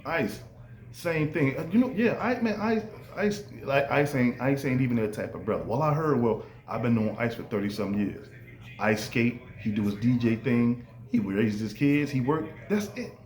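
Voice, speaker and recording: A podcast host rants through a casual monologue at normal speed and medium pitch, super animated and acting out the voices he quotes. The room is echoey, with faint ambience behind him.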